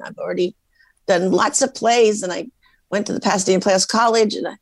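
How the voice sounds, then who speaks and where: An older woman from Portland, a guest in an interview, telling a lively story and acting out the lines of the people in it. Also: mid-range voice, brisk, dry recording. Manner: lively anecdotes with acted-out quotes.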